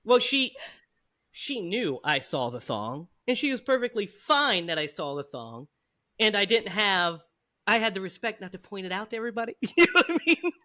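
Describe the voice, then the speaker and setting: A man's voice: sits high, very animated, moderate pace, sharp tone. A man hosting a podcast, telling a story in casual chat with frequent laughs. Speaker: podcast host.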